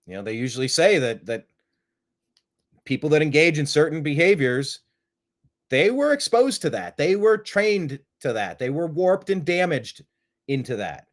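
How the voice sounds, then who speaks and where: Male show host, fairly high voice, rambling, emphatic and opinionated, full of rhetorical questions. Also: big pitch swings, normal speed. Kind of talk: opinionated live-stream commentary.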